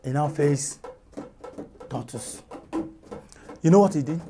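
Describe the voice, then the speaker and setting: A woman telling a folk tale in an animated, chatty way, with asides to listeners. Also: deep voice, slow pace, background noise. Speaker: storyteller.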